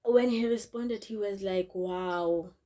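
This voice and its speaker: A woman's voice: medium pitch, measured pace, noisy background. A young woman, telling a storytime vlog in a chatty way, repeating herself and often calling out to her viewers. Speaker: vlogger.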